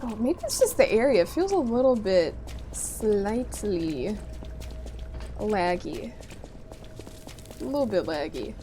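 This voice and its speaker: A woman's voice: mid-range voice, very animated, takes it slowly, long pauses, mellow, slight background noise. A woman streaming a game, chatting casually with viewers, reading their messages aloud and answering with playful mock outrage. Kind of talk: casual gameplay chat with viewers.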